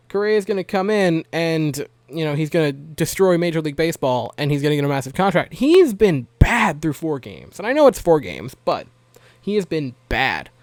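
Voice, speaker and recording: A young man with a slightly higher voice runs through a baseball game in a relaxed, chatty way. He wanders into joking asides and leans on "uh" and "like" as he goes. The sound is close and dry, with no room around it. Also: no room sound. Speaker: baseball recap vlogger. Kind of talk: casual game recap.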